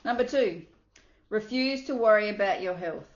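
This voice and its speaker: A woman's voice: mid-range voice, normal speed, reverberant, muffled recording. A woman coach reading a self-help book aloud, earnest, with small slips and asides.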